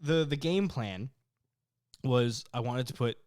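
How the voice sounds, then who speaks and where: This young co-host of a podcast speaks slowly at medium pitch, telling stories in casual conversation. Animated in his storytelling, he swears freely and performs the quotes of what people said.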